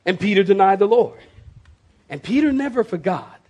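A male pastor, preaching a sermon to his congregation with emphatic, slowly stressed words. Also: sits high, sing-song, darkish tone. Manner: emphatic, dramatic slow stresses, addresses the congregation. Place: church before a congregation.

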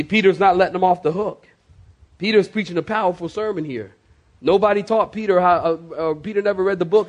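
High-voiced preacher, emphatic. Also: male voice, darkish tone. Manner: preaching with dramatic slowdowns and sudden rises. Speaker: pastor. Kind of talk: sermon. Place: church sanctuary.

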